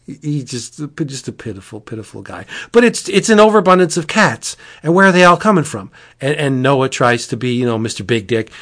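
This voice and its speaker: A man chatting casually as a podcast host, retelling a comic in a rambling, animated way. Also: mid-range voice, fairly quick, hardly any pauses. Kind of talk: casual chat.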